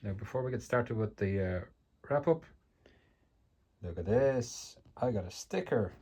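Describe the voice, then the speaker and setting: A man's voice: fairly low pitch, expressive, a little slow, warm tone, breathy edge. An Irish man, a metal detecting vlogger, chatting casually and a bit self-deprecatingly as he shows his finds in a small shed. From Ireland. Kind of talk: casual chat showing finds.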